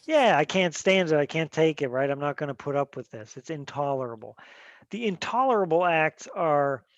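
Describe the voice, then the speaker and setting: A man's voice: fairly high pitch, lively intonation, moderate pace, no room sound, lo-fi sound. A male teacher giving a casual classroom lecture, talking loosely with fillers and restarts and putting questions to the class. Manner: conversational, many fillers and restarts, asks students questions.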